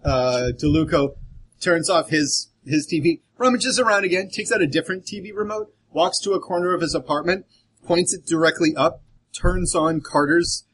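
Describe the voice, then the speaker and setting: A man's voice: on the high side, moderate pace, a bit bright, a little hiss or hum. A man in a tabletop role-play, narrating his moves in a hesitant, wry way. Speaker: player.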